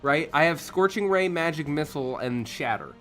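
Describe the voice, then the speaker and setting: Animated man playing a tabletop game. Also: fairly high pitch, moderate pace, soft background music. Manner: animated, laughing, stumbling restarts. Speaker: player. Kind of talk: tabletop role-play chat.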